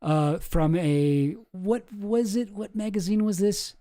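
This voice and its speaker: A man's voice: sits high, takes it slowly, dark tone. A man streaming, reacting to a video in a rambling, exasperated way and swearing freely. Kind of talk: casual commentary.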